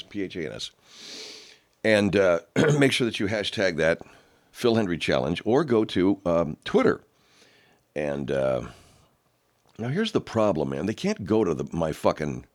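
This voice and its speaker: A middle-aged man hosting a talk show, ranting with heavy profanity in a gravelly manner. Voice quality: very low, gravelly, growly rant. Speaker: radio host.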